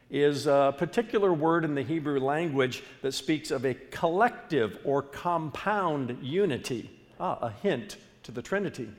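A male pastor delivering an animated sermon, leading the congregation in call-and-response. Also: mid-range voice. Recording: long reverb of a large hall.

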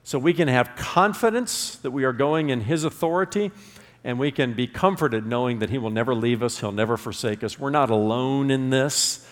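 A man's voice: medium pitch, moderate pace, in a large hall. A man preaching a sermon as pastor, emphatic, drawing his congregation into call-and-response. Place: church sanctuary.

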